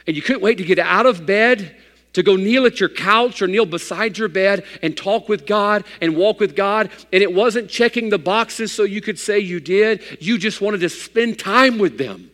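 A man's voice: high-pitched, moderate pace. Preaching man in a reverberant sanctuary. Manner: swings between loud preaching and hushed, soft passages. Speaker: pastor. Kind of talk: sermon. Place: church sanctuary. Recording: long hall reverb.

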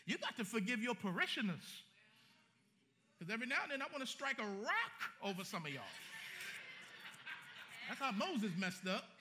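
A man preaching a sermon as pastor, animated and colloquial, joking with his congregation. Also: very high voice, moderate pace, pauses often.

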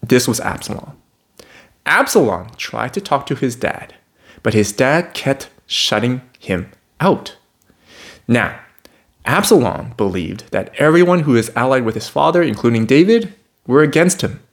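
A man's voice: medium pitch, measured pace. A man teaching a Bible lesson, reading passages aloud and breaking in with wry, conversational remarks. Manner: animated, wry, conversational asides. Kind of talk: reading scripture with casual commentary.

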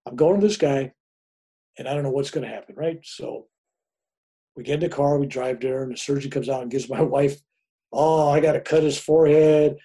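A man's voice: medium pitch, breathy edge. An older man, a reverend, telling a long personal story in a casual way and acting out the voices of the people in it. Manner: animated storyteller, acts out quoted voices. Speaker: guest, reverend.

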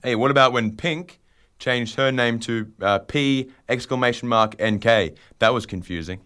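A man hosting a radio show, teasing his guest in a deadpan joking way. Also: medium pitch, normal speed, clear, resonant tone. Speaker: radio host.

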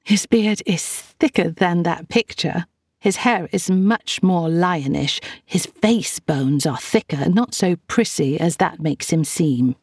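A woman's voice: on the low side, slow pace, darkish tone, breathy edge, no room sound, studio quality, heavily acted. A woman doing Henrietta, a bubbly teasing sister.

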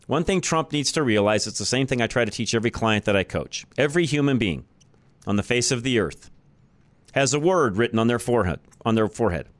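A man's voice: medium pitch, animated, a little fast, no room sound. A man hosting a talk radio show, delivering a blunt, opinionated monologue and repeating his points for emphasis. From United States. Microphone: studio microphone.

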